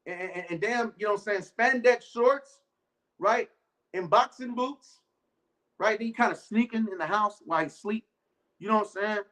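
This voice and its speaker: Male preacher, high voice, casual rhetorical sermon, reads verses slowly. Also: a bit bright, low-quality recording. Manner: loose, rhetorical, keeps asking "right?"; reads scripture slowly and deliberately. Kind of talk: informal sermon.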